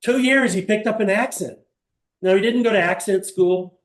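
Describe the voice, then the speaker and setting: In an echoey small room, an older man with a high-sitting voice delivers a motivational seminar at normal speed. Animated and story-driven, he puts questions to the audience, uses rhetorical questions, and plays the parts of other people.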